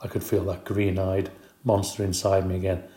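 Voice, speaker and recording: A man reading a children's storybook aloud in an expressive, brisk way. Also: sits low. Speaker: audiobook narrator. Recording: roomy echo.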